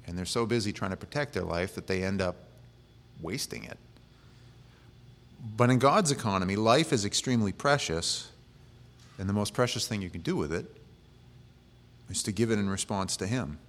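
Lower-voiced male pastor, conversational sermon. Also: moderate pace, pauses often, a bit bright. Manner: conversational, with humorous asides.

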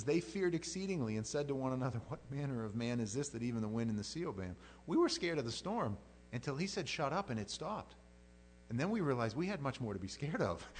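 With slight background noise, a male pastor preaches in a medium-pitched voice. His sermon is conversational and animated, shifting from loud outbursts to hushed prayer.

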